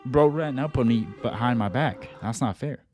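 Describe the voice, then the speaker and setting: A man commentating his own horror game playthrough, slangy and excitable, bursting into high yelps when startled. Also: moderate pace. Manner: slangy, says bro a lot. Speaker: gaming YouTuber. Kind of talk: let's play commentary. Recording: game music playing loud behind.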